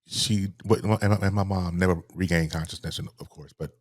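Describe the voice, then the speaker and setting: A middle-aged man, softly telling a personal story as a podcast guest, halting and restarting as he speaks. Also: sits low, fairly even intonation, no room sound, clean studio sound. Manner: soft-spoken, halting, with repeated restarts.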